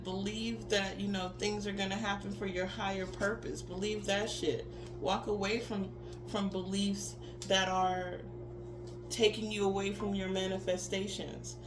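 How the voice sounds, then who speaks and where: A woman giving a tarot reading as a blunt, profane spiritual pep talk. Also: mid-range voice. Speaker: tarot reader. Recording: roomy echo with faint ambience.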